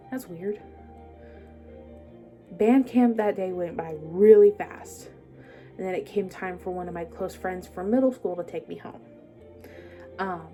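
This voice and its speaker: A young woman with a lowish, mellow voice tells her life story in a halting, hesitant way, full of pauses and restarts. At times she sinks into a soft, breathy near-whisper. Faint music plays underneath. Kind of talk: personal storytelling to camera.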